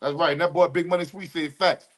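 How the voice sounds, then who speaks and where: A man co-hosting a casual livestream podcast, talking in loose street slang with drawn-out emphatic asides. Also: fairly high pitch, fairly even intonation, fairly bright tone. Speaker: podcast co-host.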